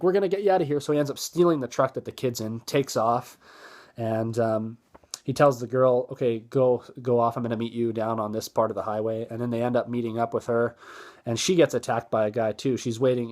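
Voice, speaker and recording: A man talks through a film's plot in a loose, rambling way, with a middle-pitched voice. He piles on fillers and restarts and briefly acts out the characters' lines as he goes. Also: a little mellow. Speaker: movie reviewer. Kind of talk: casual plot recap.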